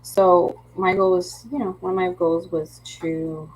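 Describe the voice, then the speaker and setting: A woman's voice: on the low side, flat delivery, unhurried, darkish tone, slightly rough, rough recording. A woman with a Philadelphia accent hosting a live craft stream, chatting in a rambling way with frequent restarts and easy laughter. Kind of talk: casual livestream chat.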